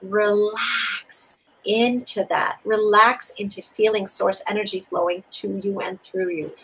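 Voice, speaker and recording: A woman co-hosting a spiritual talk, explaining steps in an expressive, soothing and repetitive way. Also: mid-range voice, a little slow, slightly rough, rough recording. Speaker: co-host. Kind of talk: spiritual teaching conversation.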